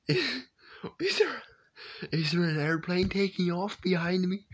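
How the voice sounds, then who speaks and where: A young man reacting to his own old videos in a hushed, half-whispered voice, incredulous and amused. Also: sits high, slow. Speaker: YouTuber. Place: home at night.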